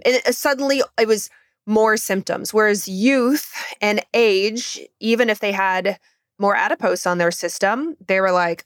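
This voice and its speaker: A woman in her forties hosting a podcast interview, talking in a lively way. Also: mid-range voice, unhurried, no echo, studio quality. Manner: lively, acts out patient voices. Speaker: podcast host.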